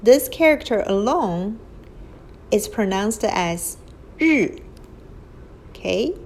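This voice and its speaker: A woman teaches a beginner lesson at a measured, very slow pace. Her pitch sits in an ordinary middle range, and she carefully models each tone aloud. A faint hiss of background noise runs under the phone-recorded narration. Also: expressive, rough recording. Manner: patient, explains step by step, models tones aloud. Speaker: Chinese language teacher. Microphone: phone screen recording.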